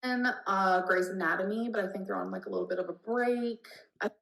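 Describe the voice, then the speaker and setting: A woman's voice: medium pitch, brisk, vocal fry, a bit bright. A woman answering viewer questions in a casual vlog, plain and matter-of-fact. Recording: roomy echoing clip.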